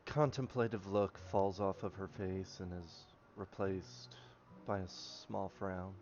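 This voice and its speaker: A man narrating his character's actions in a tabletop game, measured and descriptive. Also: sits low, steady tone, darkish tone. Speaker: player. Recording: muffled lo-fi with music behind.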